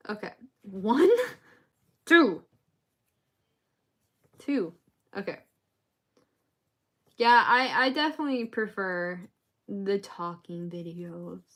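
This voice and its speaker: A woman's voice: medium pitch, takes it slowly, long pauses, a bit bright. A woman on a casual crochet live stream, counting stitches aloud and laughing between lines as she chats to viewers.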